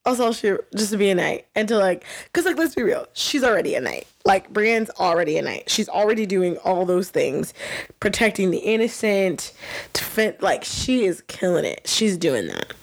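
A young woman co-hosting a podcast, talking casually about a TV episode, excitable and emotional, with lots of "like" fillers. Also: mid-range voice, normal speed, creaky. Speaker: podcast co-host.

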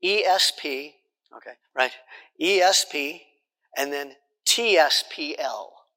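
A man's voice: a little high, lively intonation, slow pace, bright, forceful tone, in a large hall. A man teaching a Bible study class in a conversational way, repeating points and checking in with his listeners.

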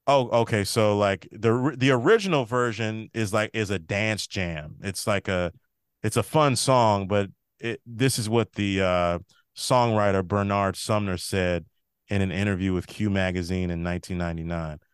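A man's voice: fairly low pitch, normal speed, clean tone, dry recording, clean studio sound. A man co-hosting a podcast, casually recapping a TV episode and acting out characters' lines as he retells the scenes. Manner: loose, rambling delivery. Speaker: podcast co-host.

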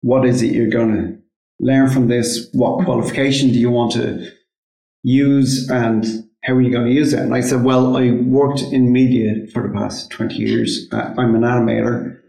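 A man from Ireland in his forties talks in a casual chat with a gravelly, creaky edge to his voice. He is blunt and insistent and swears freely. The room around him is noticeably echoey. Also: mid-range voice, fairly even intonation, normal speed, dark tone. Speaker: podcast co-host.

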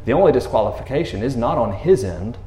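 A man talking casually about scripture in a laid-back, slangy way, retelling stories with lively asides. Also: mid-range voice, fast, slight background noise. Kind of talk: casual faith talk. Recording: roomy echo.

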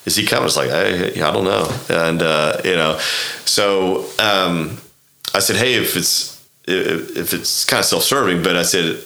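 A man's voice: low-pitched, measured pace, gravelly, sharp tone, echoey room. A man in his fifties from Oklahoma, a golf club director telling stories as a guest, rambling and acting out quoted conversations. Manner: rambling, acts out quoted dialogue, frequent restarts. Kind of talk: casual storytelling interview.

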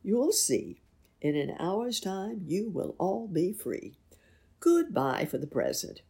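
Lady doing a bold eager magic cat, slow and husky, creaky. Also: medium pitch, big pitch swings, mellow, pitched above the performer's own voice, full character voice. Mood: excited. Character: bold cheerful magic male fairy cat.

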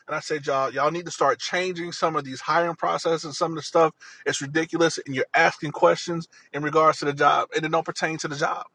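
A man's voice: fairly high pitch, bright, forceful tone, breathy edge, low-quality recording. A man telling a personal story in an earnest, rambling way, often repeating himself.

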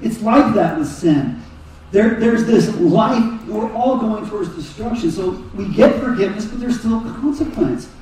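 A man preaching a sermon in a lively, animated way. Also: sits high, measured pace. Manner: animated preaching, voices Jesus and Peter in quotes. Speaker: pastor. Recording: echoey hall, mic far off.

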